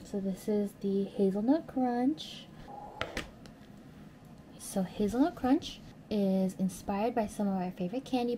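A woman's voice: medium pitch, slight background noise. Chatty woman vlogging at home. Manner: chatty, sometimes drops to a soft whisper. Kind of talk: casual vlog narration.

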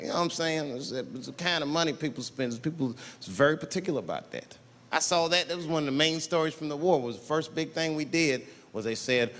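Profane stand-up comedian on a stage. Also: male voice, lively intonation, brisk, long reverb tail, slight background noise. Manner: profane storytelling, acts out characters in loud high voices.

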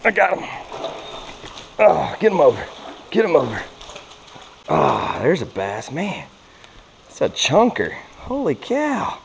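A fishing vlogger speaks slowly with vocal fry and long pauses while filming himself catching bass by a creek under a bridge. Still excitable, he exclaims at each catch and laughs a lot, all on noisy outdoor camera audio.

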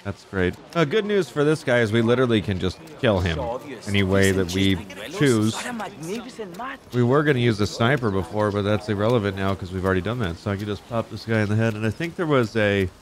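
A man giving excitable, profane, joking gameplay commentary, talking back at characters on screen. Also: lowish voice, fairly quick, crowd noise. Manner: excitable, profane, jokey, talks to game characters. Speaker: gaming YouTuber.

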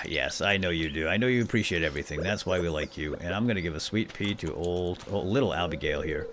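A man's voice: low voice, fast talker, hardly any pauses, noisy background. A man hosting a let's play, giving casual, jokey gameplay commentary and talking to the game characters.

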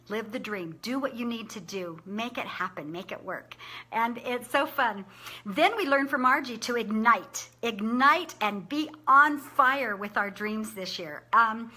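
A woman's voice: on the high side, bright, forceful tone. A middle-aged woman sharing conference takeaways in a chatty, upbeat way, laughing often. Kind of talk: casual talk to camera.

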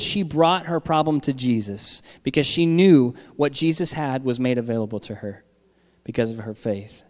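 A man's voice: mid-range voice, normal speed, hardly any pauses. Man preaching in an echoing church hall. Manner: conversational preaching with frequent "all right?" check-ins. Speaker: pastor. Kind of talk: sermon.

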